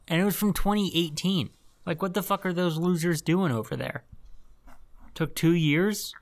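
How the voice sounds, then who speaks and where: A man's voice: sits high, moderate pace. A man hosting a casual podcast, retelling a film with loose, profane storytelling. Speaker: podcast host and editor. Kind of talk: casual chat.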